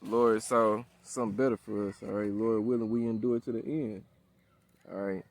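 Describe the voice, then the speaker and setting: A man's voice: on the low side, steady tone, normal speed. A man in his thirties giving a loose, casual sermon in a slangy, profane way, constantly asking "all right?" and "you know what I'm saying?". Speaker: preacher. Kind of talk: casual street-style sermon.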